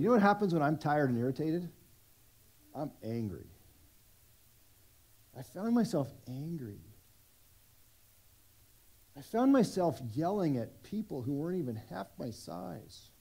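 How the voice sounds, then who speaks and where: High-voiced man preaching casually. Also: very animated, unhurried, long pauses, warm tone, breathy edge. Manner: conversational and self-deprecating, many restarts. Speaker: pastor. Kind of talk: sermon. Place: church service.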